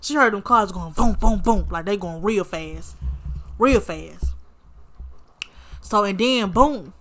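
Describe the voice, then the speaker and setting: A woman's voice: mid-range voice, slow pace. A woman hosting her show and telling a story in casual, sassy commentary, cursing and calling her listener honey and baby. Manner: sassy, animated, swears freely, calls listener honey and baby. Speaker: podcast host.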